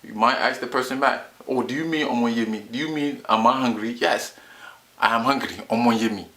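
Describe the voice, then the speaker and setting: A man's voice: mid-range voice, a little fast, sharp tone. A man giving a comic language lesson, boastful and drilling each word again and again. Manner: boastful, repeats words in drills. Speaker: vlogger teaching words.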